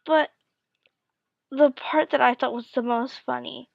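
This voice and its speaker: A woman's voice: sits high, steady tone, measured pace, vocal fry, no room sound, lo-fi sound. A young woman telling a personal story to camera in a chatty way, full of "like", and acting out what people said. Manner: chatty, full of "like", acts out quotes. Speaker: vlogger. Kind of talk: storytelling monologue.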